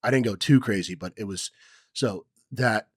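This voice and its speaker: A young man with a lowish voice tells a story on a podcast, rambling and full of ums. He jumps into loud quoted lines now and then. The sound is dry and close. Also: moderate pace, slightly rough, no room sound. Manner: rambling, many ums, acts out quotes loudly. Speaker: podcast co-host. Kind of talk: casual chat, personal story.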